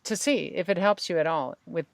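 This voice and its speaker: Calm woman coaching a tapping session. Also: on the low side, brisk, gravelly, no room sound. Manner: calm, coaching, names tapping points for the guest to repeat. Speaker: EFT tapping practitioner and podcast host.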